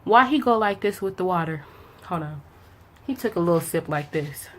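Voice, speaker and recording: A woman's voice: fairly low pitch, animated, moderate pace, background noise. A young woman chatting casually as she tells a story while doing her makeup, acting out both sides of the conversation with slang. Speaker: beauty vlogger telling a story.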